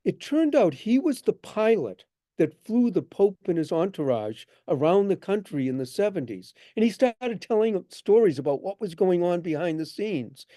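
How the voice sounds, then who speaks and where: The recording of this high-voiced man carries no room sound, and he talks at a moderate pace. As a guest speaker in an event hall, the bookshop owner shares animated stories from his work and voices the dialogue of each person he describes.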